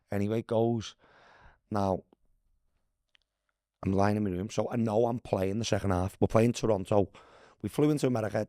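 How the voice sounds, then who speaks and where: A Scouse man with a fairly low voice tells stories in a loose, chatty way, swearing freely and calling people lad. The sound is dry and close, with no room around it. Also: warm tone, no echo. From Liverpool, England. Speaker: guest, former footballer. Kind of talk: casual storytelling chat.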